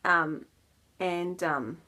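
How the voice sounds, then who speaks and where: A woman hosting a knitting podcast in a casual, rambling chat, with self-deprecating laughs and soft asides that drop almost to a whisper. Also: on the low side, very slow.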